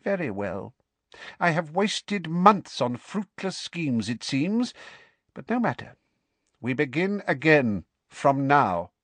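A man voicing a cold, cruel male dark lord in a high voice that speaks slowly and with menace. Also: big pitch swings, no room sound, exaggerated voice. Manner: slow, menacing, measured.

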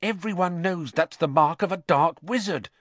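A man voicing a stout, solemn schoolboy wizard who gossips in a conspiratorial hush. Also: fairly high pitch, huge pitch swings, normal speed, no echo, voice pushed up, full character voice.

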